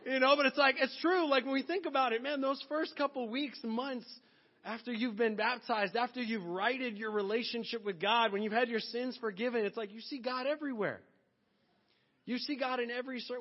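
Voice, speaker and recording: A man preaches in a lively, conversational style, slipping into playful acted-out asides. His voice sits high for a man. The sound is muffled, with a long echo from a big hall. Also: moderate pace. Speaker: pastor. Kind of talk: sermon.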